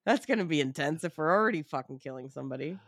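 A woman with a lowish voice chats animatedly about a movie, swearing freely and acting out other people's reactions. Her voice is close and dry, with no room sound at all. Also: expressive, very fast, dry recording. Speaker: podcast co-host. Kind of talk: casual movie discussion.

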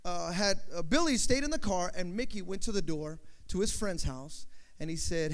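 A man with a high voice preaches a sermon, spinning a lively story full of "uh" and "you know." His words ring out with a long reverb in a large hall. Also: normal speed. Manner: animated storytelling with fillers.

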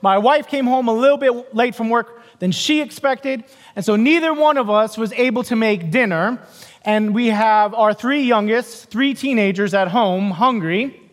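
A man's voice: very high-pitched, moderate pace. A middle-aged man preaching a sermon as pastor, telling a family story with quoted voices and dry, self-deprecating humor. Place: church sanctuary. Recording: long church reverb.

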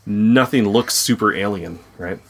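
A man's voice: on the low side, a little slow, creaky, fairly bright tone, slight background noise. A man in his thirties with an Upper Midwest accent, chatting casually and rambling as a podcast host with his kids. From North Dakota. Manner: chatty, rambling, laughs easily. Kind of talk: casual family chat.

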